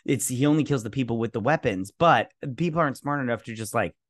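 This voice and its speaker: A man's voice: medium pitch, fast, dry recording, clean studio sound. A man co-hosting a podcast, chatting casually and profanely about a movie, rambling with lots of restarts and fillers. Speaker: podcast co-host. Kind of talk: casual movie review chat.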